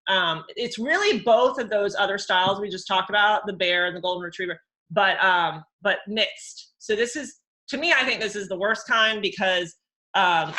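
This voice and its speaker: Bright-voiced, chatty woman teaching a workshop. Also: rough recording. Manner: chatty, animated, mimics others in high voices. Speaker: workshop host and counselor. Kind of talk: live workshop talk.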